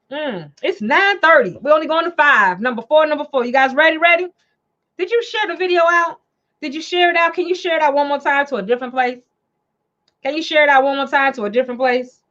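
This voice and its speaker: A high-voiced woman from Chicago hosts a casual livestream, chatty and animated, circling back over the same words again and again. The sound is dull and lo-fi, like a home stream. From Chicago, USA. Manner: animated, chatty, repeats phrases. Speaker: show host and financial coach.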